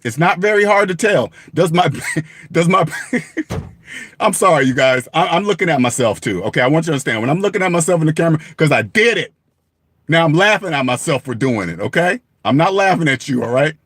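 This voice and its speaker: A man's voice: a little high, expressive, fast talker, fairly bright tone, breathy edge, no room sound, clean studio sound. A man giving blunt money advice straight to the camera in an emphatic, repetitive rant, swearing for emphasis and laughing at himself. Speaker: personal finance vlogger.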